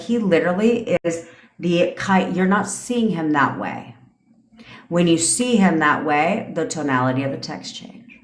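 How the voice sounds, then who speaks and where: A low-voiced woman coach rants on a livestream in a blunt way and swears freely. She keeps checking in with her listeners. The room has a noticeable echo. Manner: blunt, swears freely, fast talk with repeated "okay?". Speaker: manifestation coach. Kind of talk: livestream rant.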